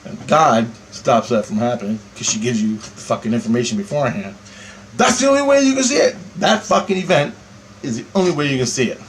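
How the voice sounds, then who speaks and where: Man, profane rambling vlog rant, swears nonstop, animated storyteller, faint background hiss. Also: mid-range voice, brisk. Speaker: vlogger.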